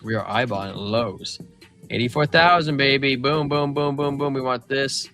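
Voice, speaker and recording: A man hosting a live crypto chart stream, talking loosely and excitedly with slang like man and bro. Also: medium pitch. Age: adult father of a young child. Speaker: crypto livestream host. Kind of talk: casual market chart commentary.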